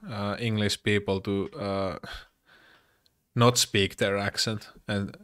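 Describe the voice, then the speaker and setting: A man's voice: fairly low pitch, level tone, slow pace, fairly bright tone, smooth, no echo, studio quality. A man from Finland with a Finnish accent, talking casually in English with many fillers and restarts. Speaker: podcaster. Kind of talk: casual monologue.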